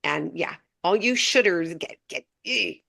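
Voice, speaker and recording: A woman's voice: fairly low pitch, lively intonation, a little slow, vocal fry, sharp tone. Blunt woman with a motivational tone. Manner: blunt, motivational, swears casually. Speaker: podcast co-host. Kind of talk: casual spiritual podcast talk.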